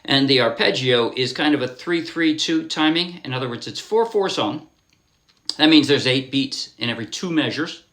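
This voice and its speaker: A man's voice: mid-range voice, lively intonation, normal speed, a bit bright. A man giving a casual ukulele lesson, chatting loosely and counting beats aloud as he explains. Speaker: ukulele teacher. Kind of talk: casual instrument tutorial. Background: ukulele playing.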